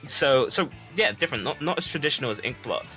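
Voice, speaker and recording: Guy doing esports commentary, bright voice, stumbles over words, faint music behind. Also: mid-range voice, animated. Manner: rapid, repeats words, chatty.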